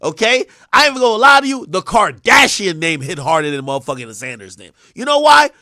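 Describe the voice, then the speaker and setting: A young man on a live stream, commenting bluntly and profanely, rambling between mutters and loud outbursts. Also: sits high, quick pace, no echo, clean studio sound. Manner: animated, swings from mumbling to shouting.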